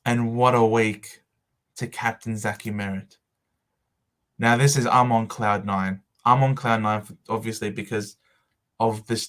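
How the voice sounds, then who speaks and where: A man in an excited, over-the-top emotional vlog monologue, with shouts and dramatic pauses. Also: fairly low pitch. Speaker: fantasy football vlogger.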